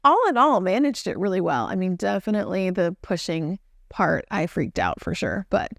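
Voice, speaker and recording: A woman's voice: on the low side, big pitch swings, normal speed, vocal fry, a little mellow, no room sound, clean studio sound. A young woman with a Texan accent telling her own story in a casual, earnest, chatty way with fillers. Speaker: new mother telling her birth story.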